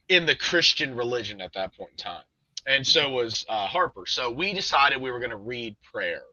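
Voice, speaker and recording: Man with a very bright, sharp voice. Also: mid-range voice, dry recording. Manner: rambling, with frequent "um" and "like" and self-restarts. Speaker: podcast host. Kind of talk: casual ghost-story telling. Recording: dull lo-fi dry sound.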